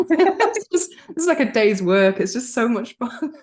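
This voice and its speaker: A woman's voice: on the high side, very animated, a little slow, a little mellow, slight background noise. A woman hosting a podcast, chatting casually, laughing often and restarting her sentences. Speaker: podcast host. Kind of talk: casual interview chat.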